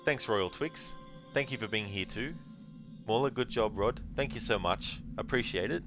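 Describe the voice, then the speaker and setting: Deep-voiced man joking through a stream. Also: normal speed, over music. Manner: joking, chatty, reads chat aloud. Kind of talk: casual stream commentary.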